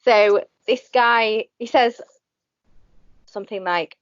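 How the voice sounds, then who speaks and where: A woman's voice: a little high, no room sound. A Northern English woman chatting as a podcast guest, swearing freely and breaking into impressions. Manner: animated, laughing, swearing, quick impressions. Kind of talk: casual chat. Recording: dull lo-fi podcast audio, dry.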